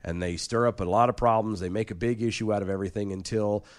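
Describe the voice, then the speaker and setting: Low-voiced blunt man co-hosting. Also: steady tone, quick pace. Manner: blunt and opinionated, stammering restarts. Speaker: co-host. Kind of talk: casual commentary chat.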